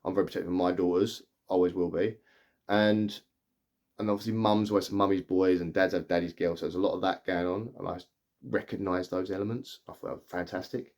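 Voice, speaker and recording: Man, middle-aged, lowish voice, casual film review, rambling retelling. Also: steady tone, a little fast, a little mellow. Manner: rambling, chatty retelling with restarts. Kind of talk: casual spoken movie review.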